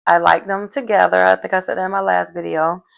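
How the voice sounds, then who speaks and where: Woman, low voice, gravelly fry, casual rambling recap. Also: flat delivery, fast. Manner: chatty, rambling, lots of fillers and "y'all". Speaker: reality show recap vlogger.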